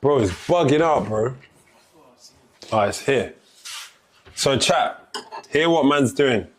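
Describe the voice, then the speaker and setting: A man's voice: medium pitch, expressive, slow pace. A young man vlogging casually while he cooks, slangy and joking, swearing often. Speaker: travel vlogger. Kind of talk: casual vlog. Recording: music playing over the voice.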